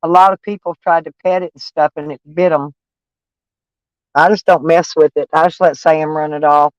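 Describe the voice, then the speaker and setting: A man's voice: fairly high pitch, steady tone, moderate pace, no room sound, lo-fi sound. Stuffy-nosed man chatting from his van. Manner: rambling, plainspoken, chatty. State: stuffy nose. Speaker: van life vlogger. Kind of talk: casual live chat with viewers. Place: in a van, door open.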